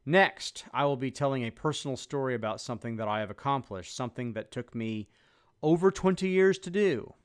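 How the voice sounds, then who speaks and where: Smooth-voiced man reading a channel introduction. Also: medium pitch. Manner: measured, earnest, reads from a script. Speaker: YouTube channel host.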